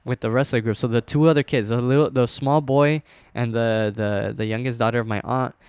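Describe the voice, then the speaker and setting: A young man casually telling a scary personal story, rambling with fillers and restarts, dropping to a hush at tense moments. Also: medium pitch, steady tone, fairly quick, clear, resonant tone, dry recording.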